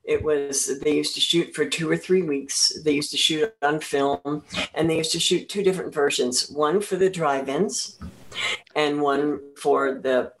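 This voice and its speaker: A woman in her sixties from New Jersey, a guest recalling her career in a rambling, halting way. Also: low voice, steady tone, rough recording. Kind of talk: casual interview, reminiscing.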